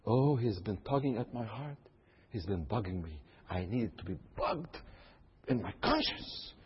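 A man from Syria preaching a sermon, swinging from low asides to loud high exclamations. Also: very animated, a little slow, husky. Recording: long hall reverb, dull lo-fi sound.

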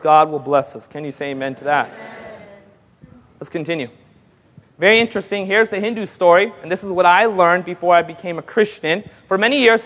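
Male preacher with a high-pitched voice, animated storytelling sermon, long hall reverb. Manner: storytelling, builds to excited high-pitched peaks.

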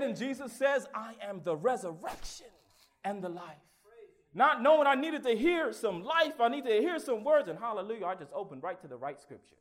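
High-voiced male preacher sharing his testimony, drops to a hush, then rises to loud exclamations, halting and repetitive. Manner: swings from hushed, halting recollection to loud exclamations; stammers and repeats words. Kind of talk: sermon with personal testimony.

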